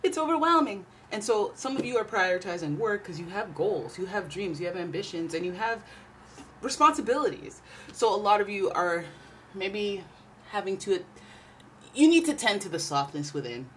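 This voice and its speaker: A woman's voice: animated, normal speed, a little hiss or hum. Playful, chatty woman reading tarot. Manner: chatty and playful, jumping between loud bursts and low asides. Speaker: tarot reader.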